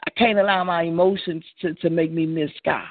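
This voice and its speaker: A woman's voice: fairly low pitch, fairly even intonation, a little fast, no echo. A woman co-hosts a church talk show, testifying earnestly and often restarting her words. Her voice comes over a phone-like line, thin and tinny, with a dry, close sound and no room around it.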